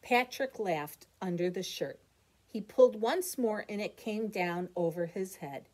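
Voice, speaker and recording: A middle-aged woman reading a bedtime story aloud with expressive narration and chatty asides. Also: medium pitch, unhurried.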